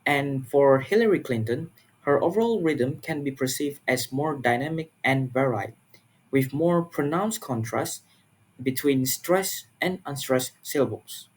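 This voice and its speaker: Presenting to his class, a young man from Malaysia comes across as earnest yet halting, with repeated words and filled pauses. His voice is medium in pitch, husky, and expressive.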